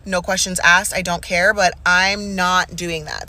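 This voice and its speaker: A mother in her thirties lays out her list to camera plainly and bluntly, dropping casual swears along the way. Her voice has a bright, sharp edge. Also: lowish voice, little pitch movement, takes it slowly. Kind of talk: list-style vlog to camera.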